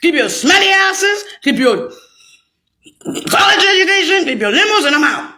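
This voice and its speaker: A woman rants bitterly and profanely, rambling from one grievance to the next. Her voice sits high and bright, and it leaps wildly up and down as she goes from shouting to muttering under her breath. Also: very animated, normal speed. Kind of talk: angry profane rant.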